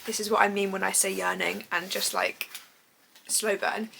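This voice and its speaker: Chatty young woman with vocal fry. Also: mid-range voice, little pitch movement, moderate pace, bright, forceful tone, slight background noise, rough recording. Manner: chatty and rambling, full of fillers like "basically"; gushing and enthusiastic. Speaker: book vlogger. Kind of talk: casual book review chat.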